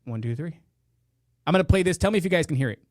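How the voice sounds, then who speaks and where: A man's voice: fairly high pitch, lively intonation, quick pace, no echo, studio quality. Profane sarcastic man hosting a podcast. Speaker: podcast host. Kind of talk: casual live podcast chat. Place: indoor room beside a meeting room. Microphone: headphones and close studio mic.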